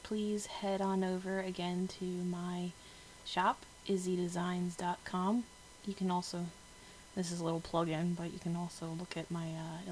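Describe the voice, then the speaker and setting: A woman's voice: lowish voice, a little hiss or hum, low-quality recording. Bubbly, chatty woman podcaster. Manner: bubbly and chatty, laughs at herself, lots of filler words. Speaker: podcast host. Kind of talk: casual solo podcast monologue.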